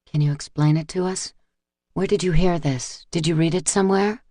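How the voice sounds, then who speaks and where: A man voicing an earnest young woman who gently questions and pleads with a prisoner. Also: a little high, fairly even intonation, normal speed, no echo, studio quality, lightly acted. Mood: pleading.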